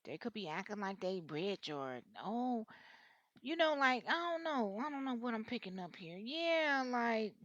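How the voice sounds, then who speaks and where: A woman's voice: on the high side, sing-song, measured pace, fairly bright tone, dry recording, highs cut off. A woman giving a casual tarot reading, talking bluntly in rambling, slangy speech full of cussing. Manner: blunt, slangy and openly vulgar; rambling, with frequent restarts. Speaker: tarot reader.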